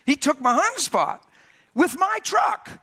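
A man preaching in a storytelling style, with a high, bright voice. He is animated and jokey, and his pitch swings widely as he exclaims. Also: measured pace. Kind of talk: storytelling sermon.

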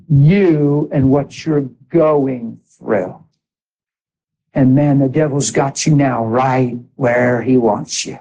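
A man preaching a sermon in an animated way, exhorting the congregation with asides. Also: medium pitch, takes it slowly, vocal fry, highs cut off.

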